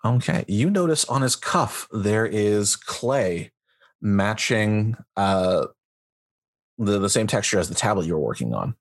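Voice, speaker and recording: A man running a tabletop horror game as game master, narrating in a measured way. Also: on the low side, very animated.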